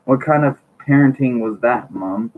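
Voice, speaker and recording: A man's voice: mid-range voice, normal speed. A man reading a book aloud on his channel, stumbling over words and breaking off for wry joking asides. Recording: tinny lo-fi mic, faint hiss.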